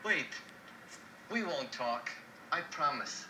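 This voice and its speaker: A man's voice: medium pitch, expressive, takes it slowly. An actor playing a nervous male prisoner who pleads and fumbles, in a roomy film soundtrack with background noise. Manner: pleading, flustered.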